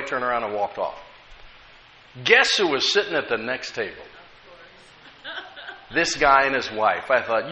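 A man's voice: medium pitch, animated, unhurried, long pauses, sharp tone. An American man preaching a sermon as pastor, telling stories with rising emphasis. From United States. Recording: echoey room, dull lo-fi sound.

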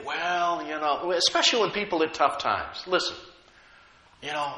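A man preaching a sermon, emphatic and humorous, slowing down to stress key words. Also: a little high, lively intonation, bright, forceful tone, reverberant, rough recording. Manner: emphatic, slows down to stress key words, chuckles at own jokes.

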